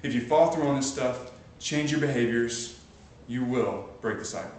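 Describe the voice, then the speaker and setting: A man with a medium-pitched, slightly mellow voice speaks at a normal speed, with a little hiss or hum in the audio. He's a motivational speaker addressing a live group in a large room, telling stories and building to pumped-up exhortation. A far-off camcorder captures it in an echoey space.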